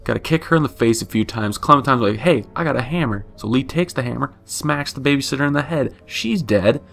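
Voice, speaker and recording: Host type: offhand, swearing man with a fry-edged voice, comic recap delivery. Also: medium pitch, brisk, a bit bright, soft background music. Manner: flippant, profane, rambling with self-corrections. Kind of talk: casual comedic recap.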